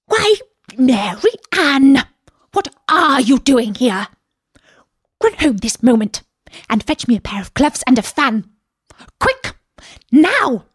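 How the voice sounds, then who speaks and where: A woman doing a jumpy storybook rabbit, squeaky, fretting, swoops way up. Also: big pitch swings, measured pace, dry recording, clean studio sound. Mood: bossy. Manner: high, fretful, muttering. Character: anxious fussy male white rabbit.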